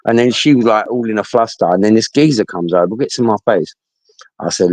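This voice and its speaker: Middle-aged London bloke, sweary raconteur, rambling delivery, dry room. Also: male voice, medium pitch, fairly quick, no room sound, poor audio. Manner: swears a lot, rambling, animated storytelling. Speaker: talker recounting stories. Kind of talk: casual chat.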